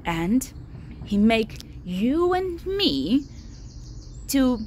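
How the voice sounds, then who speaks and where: A high-voiced woman tells a story to small children, her pitch leaping around as she gasps and exclaims. She takes her time and keeps asking the little listener to spot things. Faint noise sits behind her. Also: extremely slow. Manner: animated, gasping, exclaiming, asking the listener questions.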